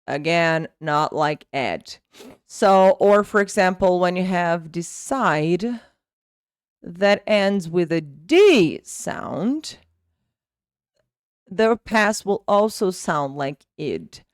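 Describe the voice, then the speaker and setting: Woman teaching pronunciation slowly. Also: on the low side, expressive, smooth, dry recording, studio quality. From Brazil. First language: Portuguese. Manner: slow, drawn-out model words. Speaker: English teacher. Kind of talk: pronunciation lesson.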